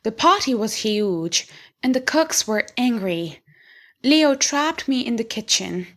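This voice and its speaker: Woman narrator, slow, deliberate, slightly high voice, learner audio story. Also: animated. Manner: clear, deliberate reading.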